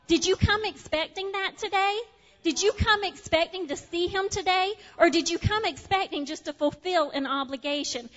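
High-voiced woman preaching in a reverberant hall. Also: highs cut off. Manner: earnest and heartfelt, sliding from loud to soft and hushed. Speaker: pastor. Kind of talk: sermon. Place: church sanctuary.

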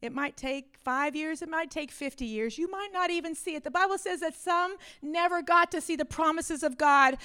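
Bright, high-voiced woman pastor in her fifties. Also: normal speed, few pauses. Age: 50s. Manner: animated storytelling, rising to near-shouting in acted exchanges. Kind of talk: conference talk.

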